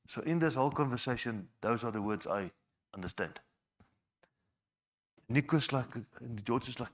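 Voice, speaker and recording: A man's voice: mid-range voice, normal speed. Man telling a testimony. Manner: conversational storyteller, repeats words as he goes. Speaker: church member giving a testimony. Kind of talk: personal testimony told to a congregation.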